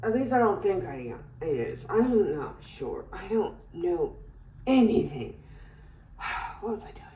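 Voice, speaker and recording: A woman's voice: on the low side, big pitch swings, unhurried, warm tone, a little hiss or hum, poor audio. A woman talking to herself at home in a casual vlog, rambling and groggy. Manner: rambling, groggy self-talk. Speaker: vlogger.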